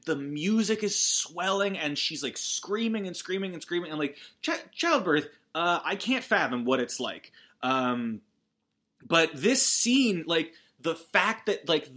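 A man with a bright, forceful, fairly high voice talks through a casual podcast. He rambles, swears freely and keeps restarting his sentences. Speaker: podcast host. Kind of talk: casual solo podcast recap.

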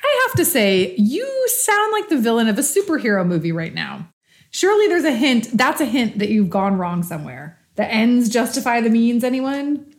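A woman voices a skeptical challenger pushing back on a utilitarian argument in a scripted philosophical dialogue. Her voice sits fairly high and moves animatedly, and her questions come out probing and doubtful. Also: sing-song, moderate pace.

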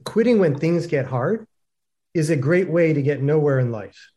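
A man speaking casually on a webinar, his voice sitting a bit high for a man. He is chatty and loose, with plenty of fillers as he talks. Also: lively intonation, normal speed, mellow. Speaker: co-host. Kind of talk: webinar talk.

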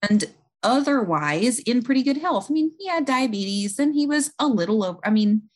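A woman's voice: a little high, expressive, moderate pace. A woman who works in home health, earnestly explaining a patient story in a conversation, with fillers and restarts along the way.

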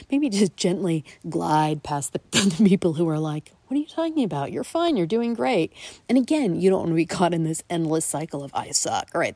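Her voice sits low with a darkish tone as this woman in her late forties hosts her solo podcast out in the backyard after dark. Reflective by nature, she often whispers and laughs.

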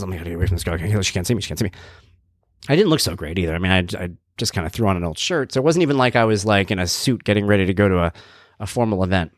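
Man, podcast host, casual story, self-mocking, lively swings in pitch, lowish voice. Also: dry recording. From Long Island, New York. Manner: animated, self-mocking, acts out quoted voices.

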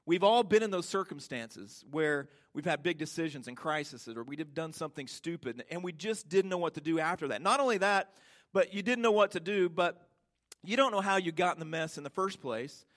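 Emphatic pastor with a higher voice. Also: male voice, expressive, fairly bright tone. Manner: emphatic, stretches key words slowly, rhetorical questions to the congregation. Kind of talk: sermon.

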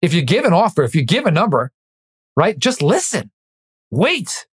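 A man hosting a real estate podcast, coaching listeners directly in an energetic, emphatic way, sometimes dropping to a near-whisper for emphasis. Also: high voice, normal speed, breathy edge.

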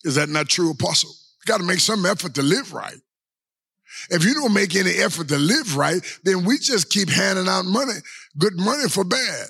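Gravelly-voiced preacher man, bright and husky. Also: high-pitched, animated. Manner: preaching with long drawn-out pauses and repeated rhetorical questions. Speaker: pastor. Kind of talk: sermon.

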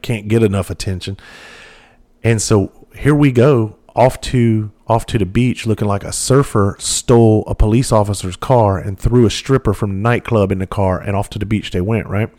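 Guy, 40s, ex cop, swears a lot, rambly, kinda low voice. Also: a little mellow. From southern United States. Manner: profane, rambling, lots of fillers. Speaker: former police officer. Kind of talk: casual storytelling monologue.

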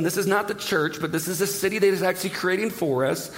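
Middle-aged male pastor, slightly high voice, animated storytelling sermon, reverberant hall. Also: quick pace, few pauses. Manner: animated, jokey storytelling that drops to a hushed prayer. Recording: echoey hall.

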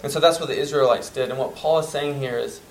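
A man preaching a sermon, earnest and emphatic, dropping to soft tones at tender moments. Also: medium pitch, quick pace, a little hiss or hum, rough recording.

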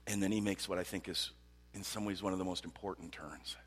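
A man preaching a sermon in an animated way, repeating words and swinging from loud outbursts to hushed tones. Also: deep voice, brisk, breathy edge. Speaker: pastor. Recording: long hall reverb.

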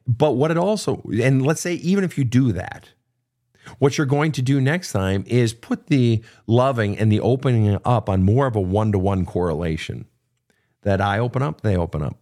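A man's voice: mid-range voice, normal speed, dark tone. A middle-aged man hosting a show, giving blunt, profane, direct advice to listeners' questions without a script. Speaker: podcast host answering listener questions. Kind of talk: unscripted advice talk.

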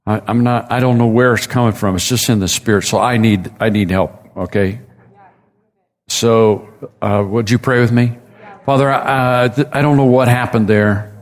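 A man's voice: medium pitch, steady tone, normal speed. A man preaching a sermon, retelling a story with casual asides and acted-out quotes.

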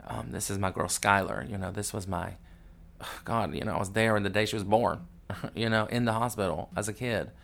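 A grieving man hosting his podcast, telling a raw, emotional family story with a lot of swearing, moving between hushed sorrow and loud, excited retelling. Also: on the low side, a little fast, creaky. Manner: candid and profane, swings from hushed grief to loud excited retelling. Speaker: podcast host.

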